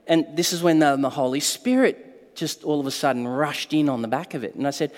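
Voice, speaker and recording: A slightly high male voice, brisk and carrying a big-room sound, belongs to a pastor mid-sermon. He brings his stories to life, acting out the quotations.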